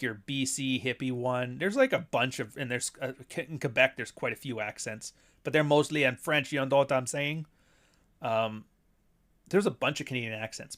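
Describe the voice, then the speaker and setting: A man's voice: mid-range voice, a bit bright. Guy ranting on a podcast, swears a lot, kinda offhand, chuckles here and there, normal mid voice. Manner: chuckles between points. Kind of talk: casual chat.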